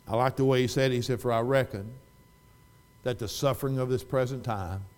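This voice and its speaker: A middle-aged man preaching a sermon in a church, folksy, swinging from loud fervent exhortation to quiet storytelling. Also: mid-range voice, smooth. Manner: folksy, repeats and restarts phrases.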